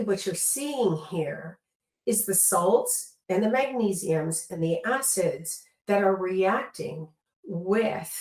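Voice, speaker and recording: A woman's voice: medium pitch, darkish tone. A woman tattoo-removal trainer giving an earnest instructional demonstration and often correcting herself mid-sentence. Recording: echoey room.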